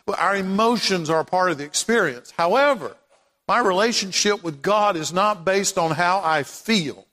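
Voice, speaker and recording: A man's voice: high-pitched, lively intonation, normal speed, pushed and bright. A man preaching a sermon as pastor, praying and then building to emphatic, repeated lines. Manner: impassioned preaching, rising to emphatic repetition. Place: church sanctuary. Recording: long hall reverb.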